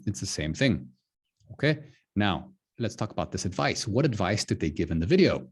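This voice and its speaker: A man teaching an online English lesson, explaining phrases slowly and repeating "okay" often. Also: low-pitched, lively intonation, a little mellow, slightly rough. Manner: slow, repetitive explaining with many "okay"s.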